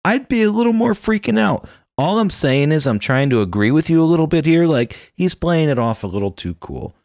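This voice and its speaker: A man's voice: on the high side, big pitch swings, fairly quick, a little mellow, no room sound, studio quality. A man co-hosting a casual chat about a movie, loose and joking, swearing now and then. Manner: loose, swearing, laughs a lot. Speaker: podcast co-host.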